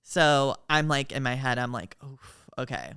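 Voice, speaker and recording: A woman co-hosting a podcast, telling a story in casual chat, animated and excitable, swearing freely. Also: very deep voice, moderate pace, clean tone, no room sound, studio quality. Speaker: podcast co-host.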